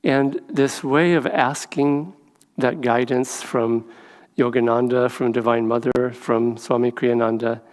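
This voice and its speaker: Monastic man giving a relaxed talk, average pitch, reverberant hall sound. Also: unhurried. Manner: gentle storytelling with many fillers. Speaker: monastic speaker. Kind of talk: spiritual talk. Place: temple hall.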